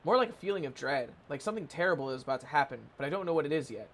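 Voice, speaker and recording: A man's voice: a little high, lively intonation, rapid-fire, fairly bright tone. A man voicing a chatty game character who patiently explains a strange machine. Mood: explaining.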